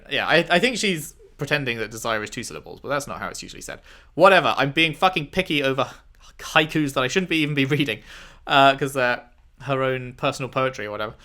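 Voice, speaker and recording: Bright-voiced male gamer, casual commentary. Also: mid-range voice. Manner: swears freely, reads dossiers aloud and reacts with loud outbursts. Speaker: gameplay streamer. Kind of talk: let's play commentary reading in-game text aloud.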